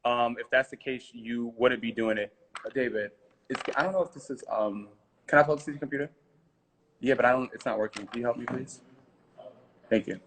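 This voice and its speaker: A man's voice: medium pitch, brisk, long pauses, a bit bright, a little hiss or hum, poor audio. A man being interviewed over a remote call, chatting in an easygoing, slightly scattered way. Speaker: guest. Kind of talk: casual interview chat.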